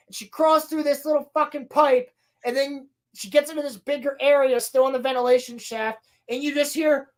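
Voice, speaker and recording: Moderately paced with fairly even intonation, a high-pitched woman co-hosts a podcast and sarcastically rants through a show recap. She curses a lot and performs scenes in different voices.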